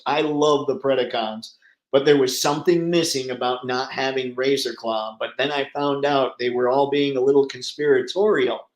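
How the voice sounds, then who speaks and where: A man hosting a live stream in a loose, rambling way, chatting with viewers and reading their comments aloud. His voice sits in an ordinary middle range and laughs come easily. The sound carries a roomy echo around him. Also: medium pitch. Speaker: livestream host.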